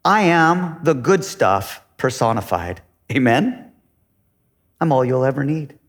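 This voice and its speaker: A man preaching a sermon as a pastor, asking the congregation rhetorical questions and swinging between loud emphasis and quiet asides. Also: mid-range voice, very animated, takes it slowly, big-room sound.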